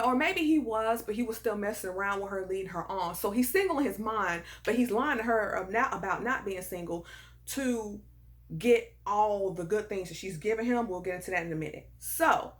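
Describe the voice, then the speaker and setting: A woman telling a personal story in a casual, animated and emphatic way, full of sass. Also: medium pitch. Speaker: storyteller vlogger.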